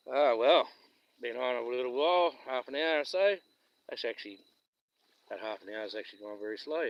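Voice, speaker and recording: A man's voice: medium pitch, animated, moderate pace, long pauses, muffled recording. A man with a Western Australian accent chatting and telling stories on a live stream while fishing outdoors, rambling and chuckling as he goes. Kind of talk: casual live-stream chat.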